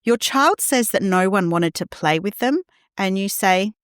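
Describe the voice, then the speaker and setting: Gentle, animated woman podcast host. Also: medium pitch, unhurried, no room sound, clean studio sound. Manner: gentle, reassuring, acts out quoted lines. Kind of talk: scripted podcast monologue.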